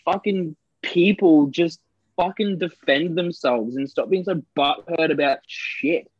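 A man's voice: on the high side, unhurried, breathy edge, no room sound, muffled recording. A young Australian man co-hosting a podcast, telling stories in casual, sweary chat and mimicking the people he quotes. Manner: sweary storytelling, puts on voices for quoted people. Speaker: podcast co-host.

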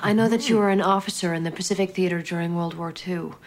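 An actress playing a composed female FBI agent in a TV drama, speaking calmly and earnestly with small hesitations. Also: lowish voice, natural voice. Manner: calm, earnest, slightly halting. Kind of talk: TV drama dialogue.

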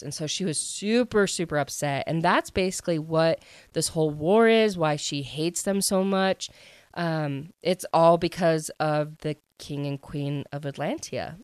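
A woman telling a story in a relaxed, chatty way, with "like" and "um" scattered through her sentences. Her voice sits a little low. The sound is dry and close, with no room echo. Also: clean tone. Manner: chatty, filler-heavy with frequent "like" and "um". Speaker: book recap vlogger. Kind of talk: casual plot retelling.

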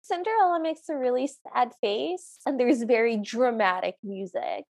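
A woman's voice: a little high, moderate pace. A woman co-hosting a podcast, chatting casually as she recaps a film and acts out the characters' lines. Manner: animated storyteller, acts out quoted lines. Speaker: podcast co-host.

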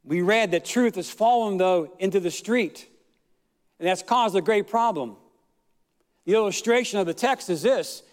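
High-voiced preacher man in a reverberant hall. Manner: storytelling preacher, fillers, shouted emphasis, drawn-out words. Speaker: pastor. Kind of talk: sermon.

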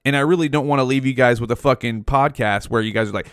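Man in his 40s, podcast host, heated foul-mouthed rant, mid pitch, dead dry close mic. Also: fast talker, smooth, dry recording. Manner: profane, heated ranting. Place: small hot home room. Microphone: mouth right up against the mic.

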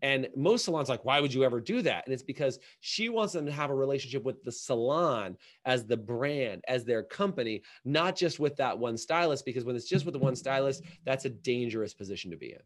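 A man who coaches salon owners, talking in a casual podcast conversation, emphatic and animated, acting out little quoted voices. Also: mid-range voice, a little fast, hardly any pauses.

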